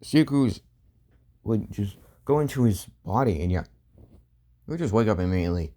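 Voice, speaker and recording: A man improvising a fan story, rambling and filling pauses with "and yeah.". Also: on the low side, lively intonation, dark tone.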